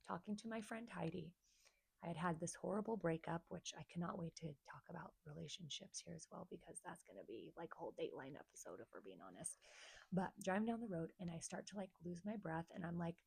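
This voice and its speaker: Low, gravelly woman speaking candidly. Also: fairly quick, a little mellow, dry recording. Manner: earnest, confiding, speaks straight to viewers. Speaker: therapist. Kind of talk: personal story vlog to camera.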